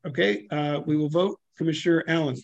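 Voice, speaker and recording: Male meeting chair, slightly high voice, dry close sound, stumbling and hesitant on a video call. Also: vocal fry, no room sound, lo-fi sound. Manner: halting, many fillers, self-correcting. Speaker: commission chair. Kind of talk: public hearing chairing.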